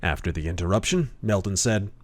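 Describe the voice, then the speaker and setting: Deep-voiced gruff male audiobook narrator. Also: brisk, no echo. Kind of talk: hard-boiled first-person audiobook narration.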